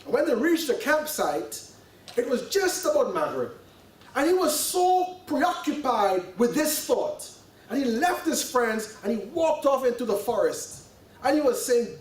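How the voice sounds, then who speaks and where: A man preaching to a gathering, his high voice swooping up and down as he tells a story. He talks casually, checking in with his listeners as he goes. He is caught from a distance in a roomy hall with faint ambience. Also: unhurried. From Canada. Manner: animated, conversational, peppers talk with "right?" and "you know". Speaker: sheikh giving a religious lecture. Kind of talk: sermon with storytelling. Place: lecture hall. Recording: echoey hall, distant mic.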